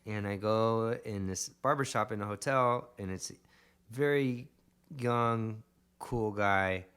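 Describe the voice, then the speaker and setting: Low-voiced man telling an animated story. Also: slow pace, clear, resonant tone. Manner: animated, rambling, with emphatic bursts. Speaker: podcast guest. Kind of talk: casual podcast storytelling.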